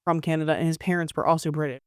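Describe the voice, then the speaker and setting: A woman co-hosting a casual podcast chat, teasing her husband and jumping in with quick comments. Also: deep voice, fairly even intonation, a little mellow, no echo, clean studio sound. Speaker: co-host, the host's wife.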